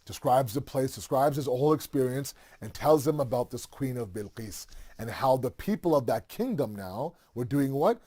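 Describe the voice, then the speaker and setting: A man's voice: mid-range voice, expressive, moderate pace, few pauses, mellow. Chatty man retelling a scripture story. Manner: conversational, full of fillers and asides. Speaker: religious storyteller. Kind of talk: casual religious storytelling.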